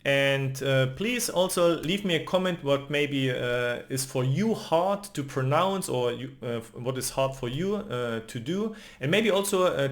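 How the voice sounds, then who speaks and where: A man with a Spanish accent, a native Spanish speaker, teaching pronunciation and checking in with listeners by tagging "no?" onto his sentences. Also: medium pitch. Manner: explains patiently with tag questions, often adds "no?". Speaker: language teacher. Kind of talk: spoken pronunciation lesson.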